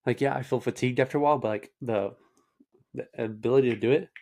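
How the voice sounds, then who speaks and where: A man's voice: mid-range voice, fast talker, darkish tone. Young man telling rambling casual stories. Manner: rambling, slangy, says "dude" and "like" often. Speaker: host. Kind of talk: casual storytelling to camera.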